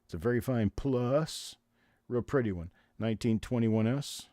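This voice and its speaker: A man's voice: medium pitch, warm tone, dry recording, studio quality. A man hosting a live online coin auction, rattling off repeated bid calls and explaining coin details in between. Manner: rapid repetitive auction calling of bids. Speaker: auctioneer host.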